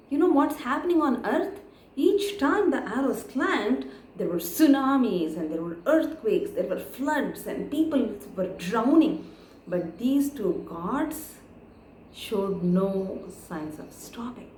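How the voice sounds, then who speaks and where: A woman telling an old scripture story to camera with animated, sing-song pitch, turning to ask her listeners questions. She pauses often on fillers. The echoey room carries a faint background hum.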